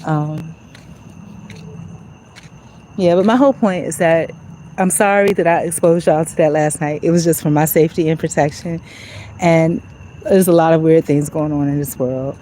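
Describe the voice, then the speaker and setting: A woman's voice: low-pitched, steady tone, normal speed, long pauses, dark tone, a little hiss or hum, low-quality recording. Reflective woman talking while walking. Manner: conversational, reflective, peppered with "you know". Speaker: vlogger. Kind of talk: casual walk-and-talk monologue. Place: outdoors on a street at night.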